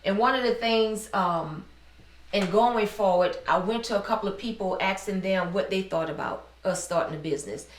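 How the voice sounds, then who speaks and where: A middle-aged business owner from New Orleans, USA, speaks at normal speed in a medium-pitched voice, earnestly sharing her personal story in a heartfelt interview. The recording sounds roomy, with the mic at a distance.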